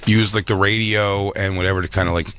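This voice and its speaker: A man's voice: lowish voice, fairly even intonation, quick pace, a bit bright, a little hiss or hum. A man chatting on a comedy podcast, rambling through his stories and restarting his sentences. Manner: rambling, full of fillers and restarts. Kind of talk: casual podcast chat.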